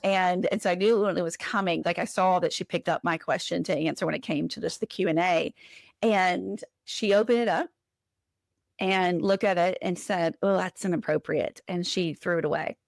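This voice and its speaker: A woman guest on a podcast, telling a personal story in an animated, conversational way. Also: on the low side, moderate pace, vocal fry, no echo, studio quality. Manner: animated, acts out quoted voices.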